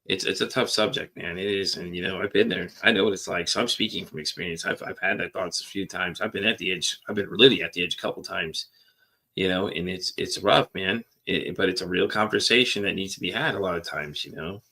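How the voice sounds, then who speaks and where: A man talks candidly as a podcast host. His voice sits low and gravelly, with a bright, forceful edge. He rambles, circles back on himself and swears casually. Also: fairly quick. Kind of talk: candid personal monologue.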